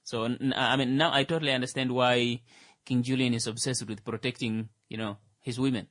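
A man's voice: mid-range voice, fairly even intonation, a little fast, a bit bright, no room sound. Man, hesitant, lots of fillers, sarcastic, casual chat, dry close mic. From Namibia. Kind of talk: casual discussion.

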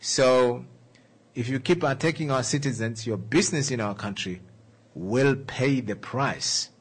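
A man's voice: mid-range voice, unhurried, husky, rough recording. A man imitating a stern male Nigerian official issuing a warning, in a put-on Nigerian accent. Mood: threatening.

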